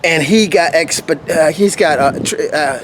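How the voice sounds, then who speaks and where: A man with a fairly high voice talks through his story in a loose, animated vlog, acting out what people told him. He is walking uphill outside and sounds a little winded. Faint traffic hums behind him. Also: unhurried. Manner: animated, laughs often, acts out what people said. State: slightly out of breath. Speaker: vlogger. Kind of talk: casual storytelling monologue.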